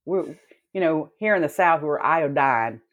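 A woman's voice: sits low, normal speed, lo-fi sound. A woman chatting casually on a podcast, talkative, swearing freely and laughing along. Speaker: podcast co-host. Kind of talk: casual chat. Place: Southern US, Florida.

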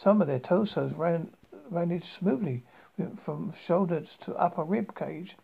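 A narrator reads a first-person story in a halting amateur style, with frequent stumbles and restarts. The voice is gravelly and a little husky. The recording sounds dull and lo-fi. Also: mid-range voice.

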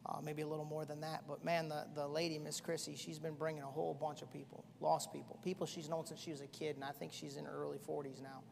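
A middle-aged man preaching a sermon as pastor, swinging from shouting to quiet storytelling. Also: on the high side, little pitch movement, fast talker, creaky, few pauses, slight background noise. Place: church hall. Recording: echoey church hall.

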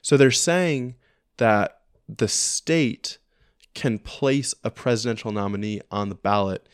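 A man's voice: on the low side, takes it slowly, clean tone, no echo, studio quality. A man co-hosting a podcast, chatting casually and reading news updates aloud in a laid-back way. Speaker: podcast co-host.

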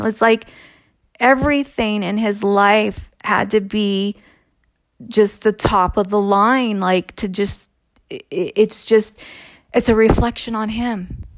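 A woman speaks slowly at a middle pitch, telling a personal story in a loose, conversational way. She sighs and trails off between thoughts and takes her time with each phrase. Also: no room sound, studio quality. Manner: slow, unhurried, with sighs and trailing pauses.

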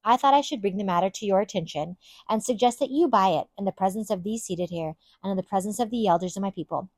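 Brisk clever man making a bargain, read by a woman, matter-of-fact, dry close sound. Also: mid-range voice, darkish tone, no room sound, lightly acted. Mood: firm. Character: steady, clever middle-aged man dealing with elders.

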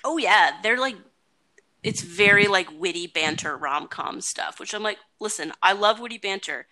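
A woman's voice: medium pitch, lively intonation, normal speed, bright, forceful tone, no room sound. A woman co-hosting a casual podcast chat, blunt and emphatic, swearing casually. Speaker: podcast co-host. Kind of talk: casual chat about a TV adaptation.

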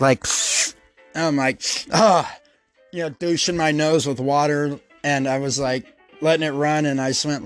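A man with a notably high voice tells a rambling story on his podcast. He swears freely and keeps it loose and animated. Faint music sits underneath. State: out of breath. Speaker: podcast host. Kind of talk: casual storytelling monologue.

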